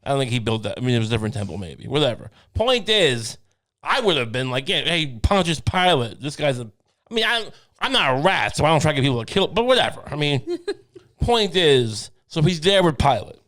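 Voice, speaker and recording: Guy on a comedy podcast, kinda high voice, bounces all over, swears constantly, rambly. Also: sing-song, brisk, a bit bright. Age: adult, went through Catholic school. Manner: rambling, profane, slips into mocking voices. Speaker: podcast co-host. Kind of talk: irreverent comedic banter.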